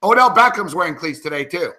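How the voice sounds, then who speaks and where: A man's voice: a little high, animated, fast, pushed and bright. A man co-hosting a sports betting show, talking casually and ranting with lots of swearing. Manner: profane, ranting, worked up. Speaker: co-host and sports handicapper.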